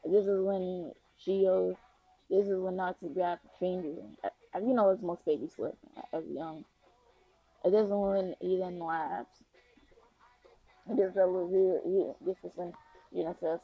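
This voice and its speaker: Woman storyteller, casual and rambling, low husky voice over faint music. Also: fairly even intonation, a little slow, dull audio. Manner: rambling, filler-heavy, restarts often. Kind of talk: casual improvised fan story.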